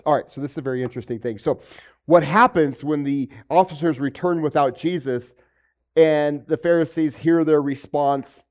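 A man's voice: medium pitch, normal speed, a little mellow. A man preaching a sermon, asking rhetorical questions and acting out the voices of the people he quotes. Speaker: pastor.

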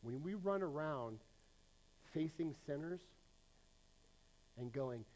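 Guy preaching a sermon, kinda high voice, punchy then drops quiet. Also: animated, slow, rough recording. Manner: emphatic, swinging between loud and hushed. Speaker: pastor.

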